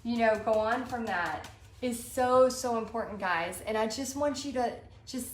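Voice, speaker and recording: A woman's voice: a little high, unhurried. A woman, hosting a live-streamed motivational talk for a paint party business, earnest and fired up, talking with lots of "you know" and "like". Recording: echoey room with faint background hum.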